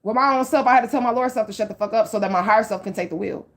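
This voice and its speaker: A woman talks very fast in a fairly high voice, giving her viewers a casual psychic tarot reading. She's blunt and swears freely, sprinkles in lots of "like" and "okay," and speaks to the audience directly and earnestly.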